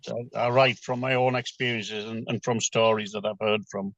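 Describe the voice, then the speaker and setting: A man with a Northeast English accent reciting a dialect poem at an open mic in a quiet, measured way, on a dull online call. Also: lowish voice, steady tone, a loud crowd. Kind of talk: poetry reading in dialect.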